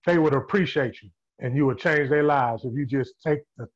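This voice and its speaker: A man's voice: medium pitch, a little fast, muffled recording. A man hosting a group call, talking in a hyped call-and-response preaching cadence. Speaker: call host. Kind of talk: hyped motivational call talk. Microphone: phone or video call.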